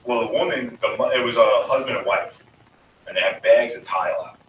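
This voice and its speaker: A man in his thirties tells work stories casually, blunt and full of swearing, with a bright, pushing tone. He sits well back from the mic in an echoey room with faint noise behind him. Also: medium pitch, brisk, distant mic. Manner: profane, blunt storytelling. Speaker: guest, former sanitation worker. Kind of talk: casual storytelling.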